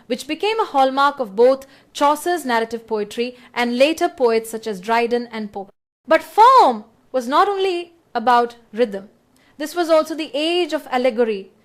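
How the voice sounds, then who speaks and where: Brief: woman lecturer, fairly high voice, measured and clear for exam revision. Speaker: literature lecturer. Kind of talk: scripted exam-prep lecture.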